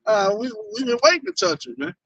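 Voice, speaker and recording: A man's voice: very high voice, lively intonation, brisk, creaky, a bit bright, muffled recording, slight background noise. A man in a casual scripture discussion who talks in a blunt, slangy, fired-up way. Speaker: fellow member of the camp.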